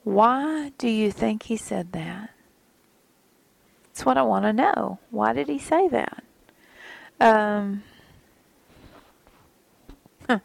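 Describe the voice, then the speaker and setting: Gravelly-voiced woman teaching the Bible. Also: a little high, expressive, slow, long pauses. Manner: musing, conversational, drops to near whisper.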